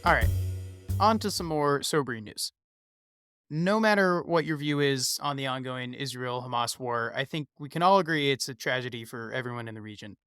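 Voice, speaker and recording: A man's voice: mid-range voice, normal speed, fairly bright tone, smooth, dry recording, soft background music. A young man co-hosting a podcast, affable and easygoing. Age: young adult. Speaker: podcast co-host. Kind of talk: casual news podcast chat.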